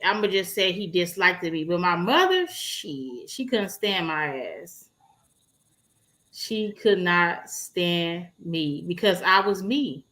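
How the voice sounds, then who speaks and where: A woman's voice: on the low side, pushed and bright. A woman co-hosting a casual chat, blunt and outspoken. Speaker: podcast co-host.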